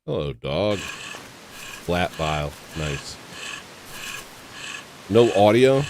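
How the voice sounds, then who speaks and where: A man chatting casually while gaming, telling rambling, self-deprecating stories with wry, deadpan humor. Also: sits low, drawn-out words, slight background noise.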